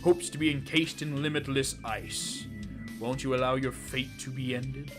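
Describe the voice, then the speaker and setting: A man voicing a calm, grandiose king villain who wants the world frozen, speaking slowly and solemnly, with game music behind. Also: medium pitch, close to an everyday voice. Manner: slow, solemn, drawn-out delivery.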